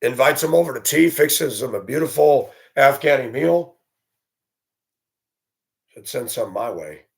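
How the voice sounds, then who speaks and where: Guy ranting solo on his vlog, blunt and fed up, regular pitch. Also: lively intonation, a little slow, gravelly, long pauses. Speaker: vlogger. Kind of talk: solo opinion monologue.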